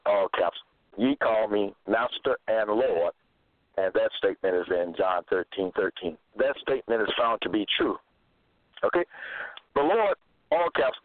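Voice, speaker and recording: A man delivering a self-made religious monologue. He cites scripture references and pauses to search for verses. He repeats his points insistently. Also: lowish voice, no room sound. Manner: halting, searching for verses aloud; repetitive, insistent. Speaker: preacher. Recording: narrow phone-like sound, dry.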